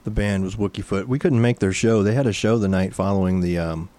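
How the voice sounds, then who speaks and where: A man co-hosting a casual talk show, agreeable and a little halting. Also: fairly low pitch, warm tone.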